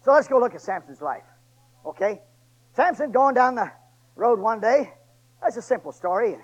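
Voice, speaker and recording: High-voiced preacher, booming then hushed. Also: male voice, lively intonation, moderate pace, muffled recording. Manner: dramatic, swings between booming and hushed; folksy, colloquial storytelling. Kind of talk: sermon.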